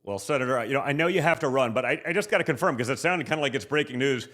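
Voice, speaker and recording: Male host, mid-pitched, punchy delivery, wraps the interview and reads the outro fast. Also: lively intonation, fairly bright tone. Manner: quick, emphatic, repeats "okay" in asides. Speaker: podcast host. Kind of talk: political interview and sign-off.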